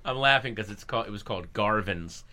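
Guest comedian, man in his 30s, forceful bright voice, laughs through his anecdotes on a studio talk show. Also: on the low side, quick pace. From Virginia suburbs of Washington DC, USA. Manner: animated storyteller, laughs while talking. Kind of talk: casual radio talk-show chat. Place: radio studio.

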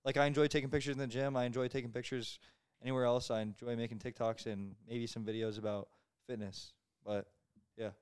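A young man in his twenties rambles through a casual podcast chat, padding every phrase with fillers. His voice sits mid-range and sounds smooth and clear. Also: mid-range voice, flat delivery, a little fast, a little mellow. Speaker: podcast guest.

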